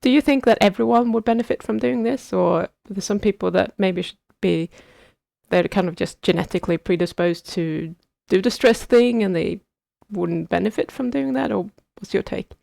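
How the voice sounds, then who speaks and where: A woman's voice: medium pitch, normal speed, vocal fry, darkish tone, no echo, studio quality. A woman hosting a podcast, curious and asking long, rambling questions in a casual way. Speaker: podcast host. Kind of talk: casual interview chat.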